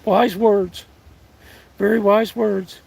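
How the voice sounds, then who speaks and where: A hoarse older man from the United States, live streaming on a phone outdoors in windy woods, chatting in a folksy, halting way and thanking viewers by name. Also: high-pitched, fairly even intonation, darkish tone, poor audio. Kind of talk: casual live-stream chat. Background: faint wind and rustling leaves.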